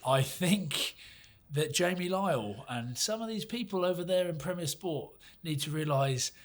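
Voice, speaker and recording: A man co-hosting a casual podcast chat, telling a story in a lively, laughing way and swearing freely. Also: on the high side, moderate pace. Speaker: podcast co-host.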